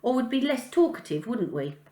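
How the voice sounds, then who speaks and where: A woman's voice: a little high, very animated, fairly quick, warm tone, voice pushed up. A woman voicing a blunt, prickly girl who survived a plane crash, speaking in a dry, sarcastic way. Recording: echoey room.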